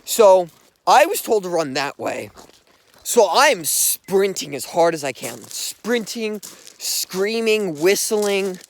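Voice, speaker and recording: A man's voice: high voice, very animated, takes it slowly. Earnest young man rambling outdoors. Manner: earnest, rambling, heavy use of "like". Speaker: vlogger. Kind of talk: casual storytelling while walking a dog. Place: outdoors, walking along streets.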